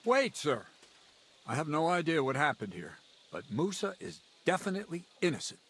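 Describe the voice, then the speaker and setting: A man's voice: on the high side, a little fast, husky, heavily acted. An actor playing an earnest commoner leader who argues hard for his friend's innocence. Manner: earnest, pleading, animated. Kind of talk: video game dialogue.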